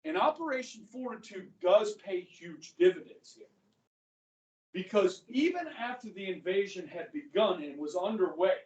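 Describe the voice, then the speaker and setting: Male history teacher, high voice, acts out quotes as he lectures; distant mic. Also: normal speed, muffled recording. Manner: animated storytelling, acts out quotes. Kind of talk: classroom lecture. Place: classroom. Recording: echoey classroom, mic far off.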